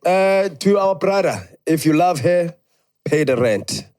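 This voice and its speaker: Male host, lively swinging pitch, mock-serious advice. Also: a little slow. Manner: animated, advising with mock authority. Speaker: podcast host. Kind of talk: casual banter.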